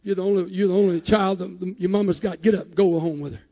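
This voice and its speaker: A man preaching a sermon in a church, shouting at his peaks and dropping low in between. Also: steady tone, fast, big-room sound. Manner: rising to shouted climaxes, then dropping low. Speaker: pastor. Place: church sanctuary.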